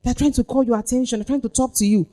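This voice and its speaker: A woman's voice: on the high side, steady tone, racing, mellow. A woman leading a parenting workshop, reading scripture aloud and pressing the audience with questions. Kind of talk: workshop teaching with Bible reading.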